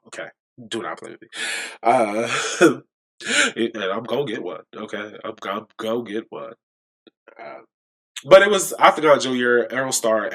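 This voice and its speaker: A young man reviewing wrestling shows in a casual, animated, playful and self-mocking way. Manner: animated, playful, self-mocking, jumps to a high excited pitch. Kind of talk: casual chat.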